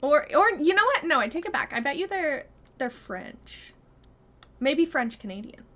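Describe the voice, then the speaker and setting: A young woman streaming a game, chatting casually to her viewers, giggling and thinking out loud. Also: sits high, big pitch swings, moderate pace. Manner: chatty, giggly, talks to chat and herself. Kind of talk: casual gameplay chat.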